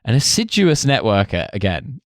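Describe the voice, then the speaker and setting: A man's voice: fairly low pitch, sing-song, moderate pace, dry recording. Jokey male podcast host, dry close mic. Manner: jokey, laughing often, many fillers. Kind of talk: casual comedic chat, reading notes.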